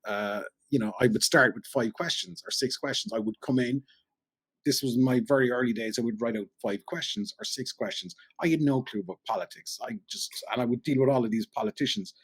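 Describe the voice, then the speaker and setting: A middle-aged man with a Cork Irish accent, a radio broadcaster telling animated anecdotes in a casual chat and acting out the voices he quotes. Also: medium pitch, a little fast, slightly rough. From Ireland. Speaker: podcast guest, radio broadcaster.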